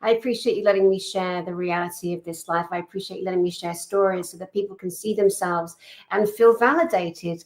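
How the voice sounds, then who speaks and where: A woman's voice: on the low side, roomy sound. A woman speaking passionately and emphatically as an interview guest. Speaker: guest, conference organizer. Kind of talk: livestream interview.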